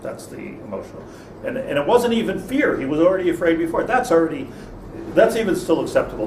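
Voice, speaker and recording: A man's voice: on the high side, big pitch swings, quick pace, a little mellow. A man, a rabbi, teaching an interactive class, thinking aloud and questioning his students with many restarts. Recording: echoey room, far from mic, faint noise.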